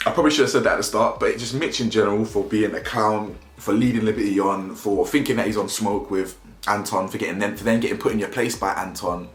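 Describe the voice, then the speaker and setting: A man's voice: on the low side, quick pace. Slangy young man, roomy sound. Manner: slangy, laughing, mocking. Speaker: YouTube reviewer. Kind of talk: casual video commentary. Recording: roomy echo, faint music.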